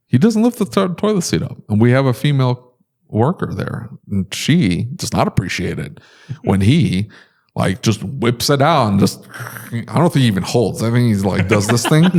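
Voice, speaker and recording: A man's voice: medium pitch, breathy edge. A man on a podcast, telling stories in casual chat with exaggerated outbursts. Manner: animated storyteller, exaggerated outbursts. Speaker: podcast guest.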